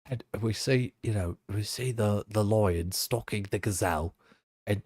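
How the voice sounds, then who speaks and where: A posh British nature documentary narrator, as a man parodies him, hushed and grand before slipping into crude exclamations. The voice sits low and deep, close and dry with no room around it. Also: measured pace, breathy edge, no room sound. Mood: mock-grand. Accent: put-on posh British. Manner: mock-solemn narration dissolving into swearing.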